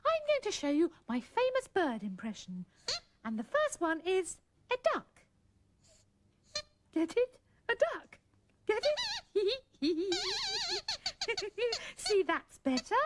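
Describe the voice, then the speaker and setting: A children's show presenter, a woman with a very high voice that swoops wildly up and down. She coaxes her puppets and cracks corny jokes. Loud old-tape hiss sits under everything. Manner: cheerful, coaxing, corny jokes.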